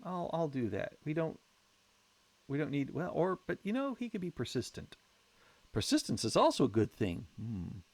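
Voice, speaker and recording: A man's voice: fairly high pitch, sing-song, normal speed, a little mellow, no room sound. A man commentating his own strategy game as he plays, thinking aloud in a wry, chatty way with self-mocking humour. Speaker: let's play host.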